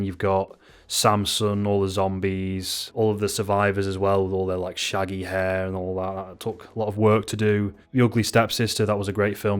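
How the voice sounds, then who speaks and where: A young YouTube film commentator rambles loosely through his film awards picks in unscripted, casual commentary, swearing freely and mocking himself. His fairly low voice shoots up into sudden high exclamations when he gets worked up.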